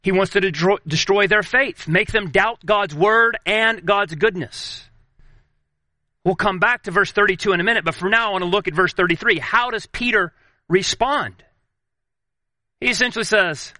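Earnest high-voiced male pastor, dry sound. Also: pushed and bright, no room sound. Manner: earnest, slows and drops low for emphasis. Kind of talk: sermon.

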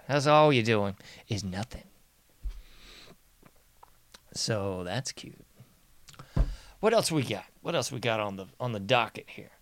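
A man's voice: lowish voice, lively intonation, moderate pace, a bit bright, slight background noise. Sarcastic man ranting with laughter. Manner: sarcastic, laughing, sing-song mocking refrains. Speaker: commentary host. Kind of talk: casual political commentary.

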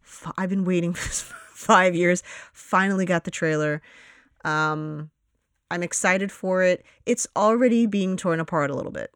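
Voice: medium pitch, normal speed, a bit bright, clean tone, no room sound. Podcast cohost just chatting, rambly, does little voices for own reactions, dry close sound. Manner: rambling, acts out own reactions in quoted asides. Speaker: podcast co-host. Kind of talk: casual chat.

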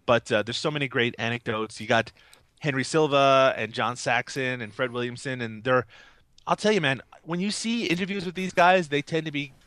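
Getting over a cold, this podcast co-host rambles casually and eagerly, frequently breaking into laughter. He speaks at a moderate pace in a medium-pitched, fairly bright voice, and the recording carries no echo.

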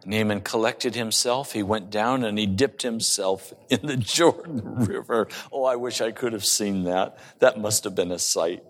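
A man preaching in an unhurried, deliberate rhythm, telling stories and slipping in humor as he goes. His voice carries a long reverb, as if he is recorded in an echoey church hall. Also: on the low side. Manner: storytelling with humor. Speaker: pastor. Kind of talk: sermon.

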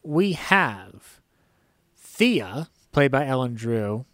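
A man co-hosting a casual film podcast, joking, laughing often and slipping into quick silly character voices. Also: medium pitch, sing-song, fairly bright tone, dry recording, studio quality. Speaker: podcast co-host.

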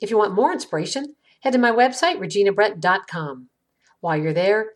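A middle-aged woman from the United States hosting an inspirational podcast, reading a gentle, earnest script with reflective pauses. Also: medium pitch, expressive. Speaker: podcast host.

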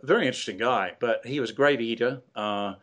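A man's voice: mid-range voice, brisk, fairly bright tone. An older man, a guest telling anecdotes in a rambling, hesitant way with many fillers and restarts. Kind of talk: casual storytelling interview.

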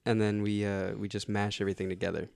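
Low-voiced joking man from Florida. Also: flat delivery, creaky, a little mellow, smooth, no echo. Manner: joking, teasing, quick asides. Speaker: podcast co-host. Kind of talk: casual chat.

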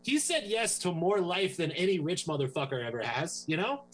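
A man's voice: a little high, very animated, moderate pace, soft background music, poor audio. A man hosting a comedy podcast in casual chat, swinging between joking and earnest. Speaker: podcast host.

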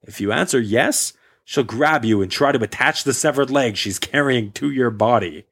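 A man's voice: mid-range voice, normal speed, a bit bright, husky. A man hosting a casual podcast and reading a story aloud with playful humor. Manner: playful, laughs often. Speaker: podcast host.

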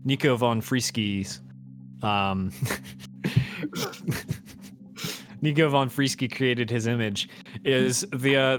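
A laughing game master. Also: male voice, mid-range voice, fairly bright tone. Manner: laughing, rambling with many fillers. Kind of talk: narrating a tabletop game.

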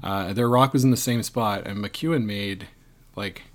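Low-voiced rambling curling analyst, male. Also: moderate pace. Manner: rambling, many fillers, thinks aloud. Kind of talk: casual sports analysis.

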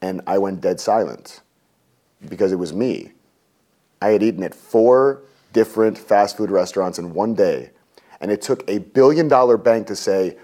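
Animated man telling a personal story. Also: moderate pace. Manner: lively, acts out quotes with raised pitch. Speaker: interview guest.

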